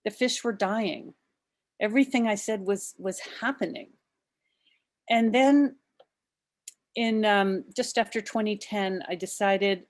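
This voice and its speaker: An earnest woman recounts her work as a biologist and activist, her voice at a middling height. She speaks with passion, restarting phrases and surging ahead, then slowing. The sound is dry and close, with no room around it. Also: mid-range voice, steady tone, dry recording. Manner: impassioned, frequent restarts, speeds up and slows down. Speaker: marine biologist and activist guest. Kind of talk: earnest first-person storytelling talk.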